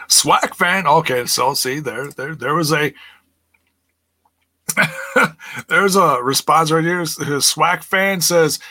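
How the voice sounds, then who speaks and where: A man talks through a wrestling recap in a casual, rambling way, breaking into laughter and reading viewer comments aloud. His voice is bright and forward. He speaks slowly, with plenty of restarts, and the sound is dry and close. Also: fairly high pitch, animated, no room sound. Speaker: wrestling review host.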